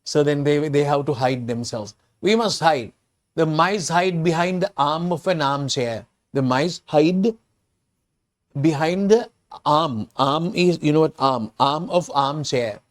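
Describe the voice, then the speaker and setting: Sri lankan english teacher guy going over a kids story, repeats every word, slightly high voice. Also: expressive. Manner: slow, repetitive explanations with restarts. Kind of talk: explaining a storybook to learners.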